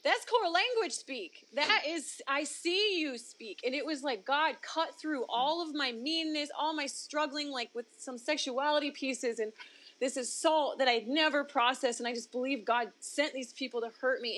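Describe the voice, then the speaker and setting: Woman guest telling her story on an interview: candid, expressive, high-ish voice. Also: moderate pace. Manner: expressive, swings pitch up for emphasis, laughs between points. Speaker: interview guest, ministry founder. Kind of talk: candid personal testimony in conversation.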